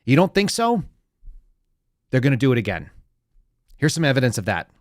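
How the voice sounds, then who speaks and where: A man's voice: mid-range voice, very animated, normal speed, no echo, clean studio sound. A man hosting a podcast, giving heated, sarcastic and profane political commentary. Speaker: podcast host.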